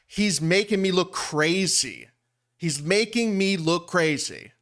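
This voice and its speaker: A young streamer from Long Island, New York, reacts to a livestream with indignant, rambling commentary full of repetition. His high-pitched voice is animated and fairly bright, held to a measured pace.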